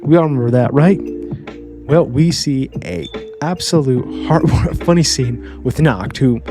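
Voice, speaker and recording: A man's voice: medium pitch, unhurried. A man casually recapping an anime for his channel, chatty, and often adding "all right?" as a tag. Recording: clear background music.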